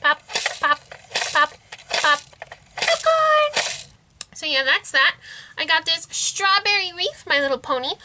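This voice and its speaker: High bright-voiced bubbly young woman. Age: young adult. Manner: bubbly, giggly, gushing over toys. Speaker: vlogger. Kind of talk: casual toy haul vlog.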